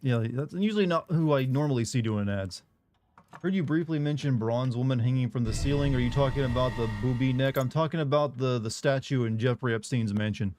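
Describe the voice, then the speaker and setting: Monotone young man streaming games. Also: medium pitch, fairly quick, slight background noise. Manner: monotone, rambling with restarts. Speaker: game streamer. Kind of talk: casual chat while streaming.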